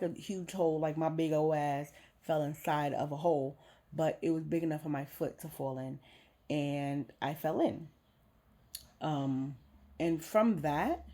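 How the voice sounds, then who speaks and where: A woman's voice: low-pitched, dark tone. A young adult woman vlogger frankly telling a personal story, emotional and swearing casually.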